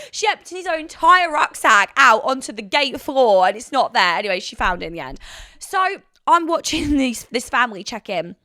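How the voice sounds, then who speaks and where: A young woman from London, a podcast co-host telling a long story in an animated, chatty way. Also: moderate pace, dry recording, studio quality. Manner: animated, chatty storyteller, breaks into high laughter. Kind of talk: casual storytelling chat.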